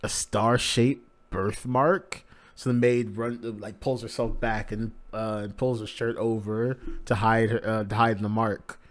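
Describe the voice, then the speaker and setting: A man's voice: lowish voice, steady tone, a little slow. A man hosting a live manga reaction, narrating the pages casually and crudely with many fillers.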